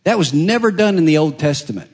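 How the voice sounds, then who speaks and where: A middle-aged man preaching a sermon in a conversational way, pausing and restarting, his pitch swinging up and down. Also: expressive, a little mellow, husky. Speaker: pastor.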